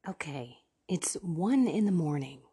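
Breathy whispering woman, slow and low. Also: lively intonation. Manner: hushed whisper, earnest and encouraging. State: tired late-night voice. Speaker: podcast host. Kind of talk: whispered late-night devotional podcast. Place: downstairs at home at night.

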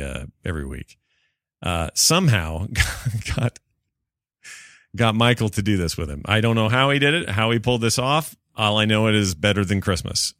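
A man with a somewhat low voice hosts a casual podcast. He talks in an excitable, rambling way into a close studio mic. The sound is dry and close. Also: no room sound. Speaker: podcast host.

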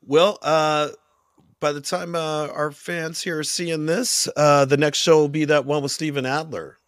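A man's voice: a little high, flat delivery, a little slow, no room sound, studio quality. A male podcast co-host in casual chat, joking and fond of twisting song lyrics. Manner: joking, likes changing song words.

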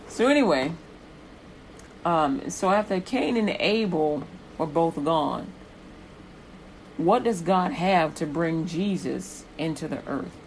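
Low-voiced woman preaching slowly. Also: animated, slight background noise, rough recording. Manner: rhythmic, building preaching with repetitions. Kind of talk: sermon.

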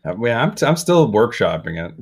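A man co-hosting a comedy podcast, riffing through an absurd story in a rambling, animated way. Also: mid-range voice, a little fast, slightly rough. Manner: rambling, animated, repeats himself. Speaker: podcast co-host.

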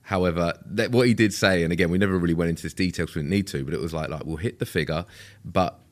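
Man, deep voice, quick talker, podcast guest, explains business, quotes phone calls. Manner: rapid, explanatory, with quoted dialogue. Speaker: football agent, podcast guest. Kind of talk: casual podcast storytelling.

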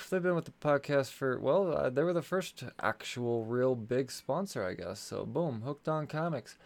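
A podcast host with a mid-range, gravelly, darkish voice reads sponsor ads in a casual solo segment. His delivery is loose and rambling, full of swearing and stumbles over words.

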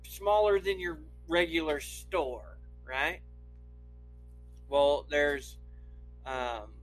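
A man's voice: on the high side, fairly bright tone, rough recording. A man from Idaho telling a long story on a podcast, swearing often and laughing as he goes. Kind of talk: casual anecdote telling.

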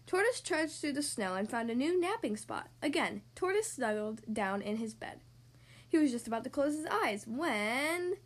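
A woman hosting a children's podcast, reading a storybook aloud in a friendly, expressive manner. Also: sits high, moderate pace. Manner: friendly, expressive, sing-song.

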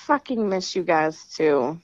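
A woman joins the podcast over a call, her lively voice rising and falling as she teases and swears. Her audio comes through muffled and lo-fi, with the highs cut off. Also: unhurried, no echo. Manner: teasing, swears casually. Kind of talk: casual chat.

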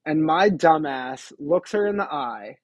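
A man co-hosting a podcast, telling a story in a casual, animated, self-deprecating way. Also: fairly high pitch, a little slow, no echo. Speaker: podcast co-host.

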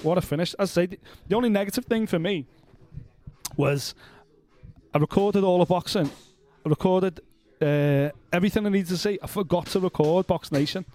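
A man's voice: high voice, a little fast, darkish tone. A man co-hosting a podcast, chatting casually and bluntly about boxing with plenty of swearing and jokes. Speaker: podcast co-host.

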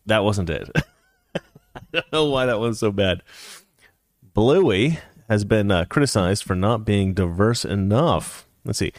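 A sarcastic male host rants through casual livestream commentary. His pitch swings up and down as he talks, and the sound is dry and close. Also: dry recording. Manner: sarcastic, ranting.

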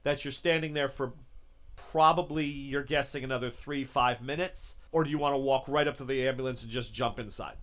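A man's voice: medium pitch, fairly even intonation, brisk, fairly bright tone. A man running a tabletop role-playing game, narrating scenes in a loose, conversational way with plenty of fillers. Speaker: game master.

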